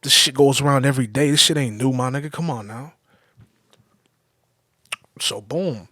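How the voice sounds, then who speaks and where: A man's voice: medium pitch, moderate pace, pushed and bright, no room sound. Male solo podcast host, profane and heated commentary, mid range, dry close recording. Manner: profane, heated, emphatic with repetitions. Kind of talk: casual ranting commentary.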